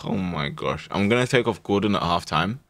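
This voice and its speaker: A young man streaming a football management game, shouting at his players and then dropping to low mutters. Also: animated, fairly quick, dry recording. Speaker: gaming streamer. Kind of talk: live game commentary.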